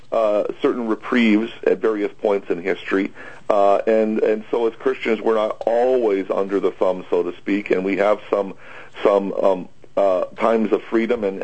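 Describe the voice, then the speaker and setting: A man, a pastor, talking through a Bible passage on a radio broadcast, halting with many fillers and restarts. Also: fairly low pitch, darkish tone, lo-fi sound. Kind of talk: conversational Bible discussion.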